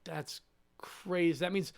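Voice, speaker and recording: A man in his forties co-hosting a podcast, chatting casually and excitably, quick to exclaim and swear. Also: high voice, vocal fry. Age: 40s. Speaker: podcast co-host. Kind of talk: casual chat.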